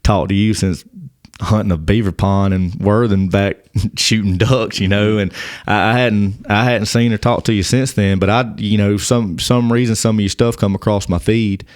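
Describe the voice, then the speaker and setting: Man, podcast guest, lowish voice, dry close sound, earnest, halting, repeats words. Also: fairly even intonation, dry recording. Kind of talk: personal testimony in casual conversation.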